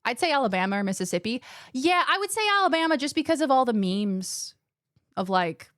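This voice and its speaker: A young woman streaming a game, chatting with her viewers in quick, casual asides. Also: a little high, big pitch swings, a bit bright, dry recording, studio quality. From Australia. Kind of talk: casual chat while gaming.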